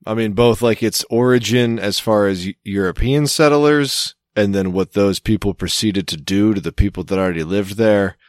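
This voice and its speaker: A man's voice: lowish voice, normal speed, hardly any pauses, no room sound, studio quality. A man co-hosting a comedy podcast, talking in loose, rambling banter and swearing freely. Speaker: podcast co-host.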